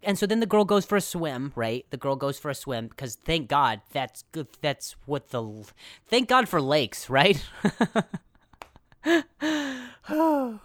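A man hosting a podcast, telling a comic story in an animated, self-deprecating way, laughing often and jumping into high put-on voices for quotes. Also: moderate pace, no echo, clean studio sound. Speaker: podcast host. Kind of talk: comedic storytelling.

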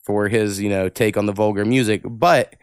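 Podcast host, man, smooth voice, dry close mic, blunt and profane chatter. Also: lowish voice, normal speed, dry recording. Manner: blunt, heavy cussing, animated rants. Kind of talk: casual podcast chat, reading listener emails.

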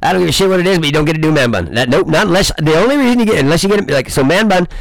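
A man's voice: a little high, animated, rapid-fire, creaky, no echo, low-quality recording. A man hosting his own show, delivering a rambling, swear-filled comedic monologue in a boisterous way. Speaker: host of a crude comedy show.

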